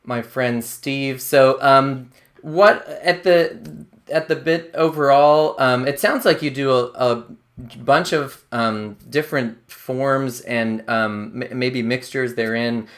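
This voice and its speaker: Brief: male host, casual, halting delivery, mid-range voice. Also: mid-range voice, a bit bright. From Pittsburgh area. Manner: hesitant, many fillers and restarts. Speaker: podcast host. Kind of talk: casual interview chat.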